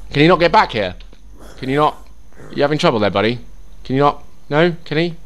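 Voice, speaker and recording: A man's voice: a little high, lively intonation, fairly quick. A young man giving casual, sweary commentary as he plays a survival game, talking to himself and the game. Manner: drops to a whisper while sneaking; shrieks and yells in panic during chases. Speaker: gaming YouTuber. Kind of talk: casual let's-play commentary.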